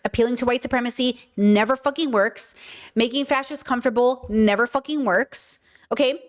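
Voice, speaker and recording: A woman's voice: a little high, normal speed. A woman hosting a casual livestream, ranting bluntly with frequent swearing and answering questions from chat. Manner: blunt, swears, rants heatedly. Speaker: streamer and podcast host.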